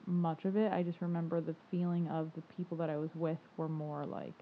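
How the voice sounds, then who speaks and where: A woman with a fairly low voice rambles casually, filling her sentences with "like" and laughing easily. The sound is narrow and phone-like, with a faint hiss underneath. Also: level tone, brisk. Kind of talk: casual chat. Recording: tinny phone-like line with faint noise.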